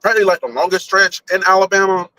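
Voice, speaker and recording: A man's voice: high voice, fast talker, pushed and bright, no room sound, low-quality recording. A man chatting loosely on a live stream while driving, rambling and swearing casually as he thinks aloud. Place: in a car on a highway.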